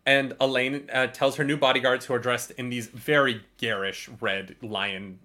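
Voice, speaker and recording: A woman's voice: a bass voice, fairly even intonation, moderate pace, fairly bright tone. A woman co-hosting a casual book club podcast, chatty and swearing freely, with lots of fillers. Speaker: podcast co-host.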